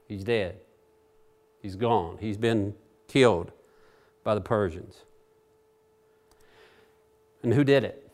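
A man preaching a Bible sermon in a chatty, animated way, swinging between loud and quiet. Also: fairly low pitch, takes it slowly, pauses often. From Virginia.

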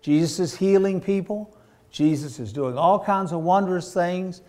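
A man preaching a sermon, telling the story with animated acted-out voices and sudden shouts. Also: sits high, measured pace.

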